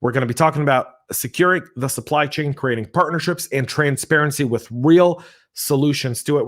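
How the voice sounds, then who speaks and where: An American man hosting a podcast, energetic and animated, telling stories with playful voices. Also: medium pitch. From United States. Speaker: podcast host.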